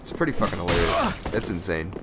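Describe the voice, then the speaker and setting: A man giving casual, profane gameplay commentary, joking and breaking into excited shouts. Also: low voice, fast talker, very noisy. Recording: loud music behind the voice.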